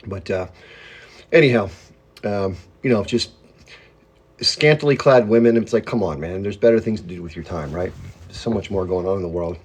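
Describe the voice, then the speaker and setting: A man's voice: low voice, normal speed, long pauses, a little mellow, slightly rough. A man hosting a casual livestream from home, rambling and greeting viewers by name as their comments come in. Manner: self-described hyped-up talker. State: chewing while talking. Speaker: livestream host. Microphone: phone.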